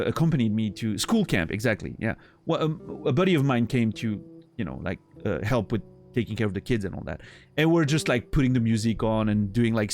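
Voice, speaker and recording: Rambling man chatting on stream. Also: mid-range voice. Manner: rambling, many restarts and fillers, laughs easily. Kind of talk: casual chat with viewers.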